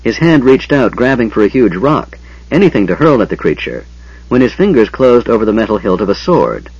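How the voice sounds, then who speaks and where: A man narrating a fantasy audiobook with a dramatic, expressive reading. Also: on the low side, fairly quick, slightly rough, no echo. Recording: dull lo-fi sound.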